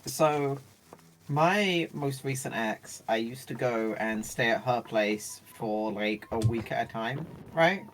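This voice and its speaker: A woman's voice: a bass voice, takes it slowly. A young woman streamer telling embarrassing stories in casual chat, swearing and acting out the voices of people she quotes.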